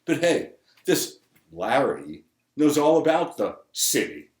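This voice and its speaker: A man's voice: mid-range voice, big pitch swings, slow, echoey room. A man delivering a sarcastic comic monologue, ranting through rhetorical questions. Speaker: comedian.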